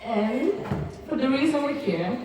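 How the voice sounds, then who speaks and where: A woman's voice: high voice, animated, unhurried, music in the background. Nervous young woman giving a toast. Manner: nervous, tearful, laughing between words. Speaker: cousin giving a birthday speech. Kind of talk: emotional birthday toast. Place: large hall at a party. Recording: echoey hall, mic far off, crowd noise. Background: party crowd.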